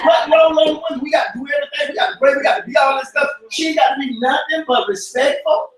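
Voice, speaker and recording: A man leading an informal Bible study, talking in an animated, preachy way that breaks into shouts. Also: extremely high pitch, quick pace. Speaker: cell group teacher. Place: church room. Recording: echoey room from far off.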